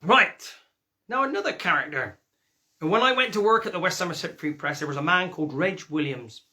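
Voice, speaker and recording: A man's voice: sits high, expressive, pushed and bright. A man singing folk songs and chatting between them in a jokey way. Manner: sings folk songs, then chats fast and jokey. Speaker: singer and host.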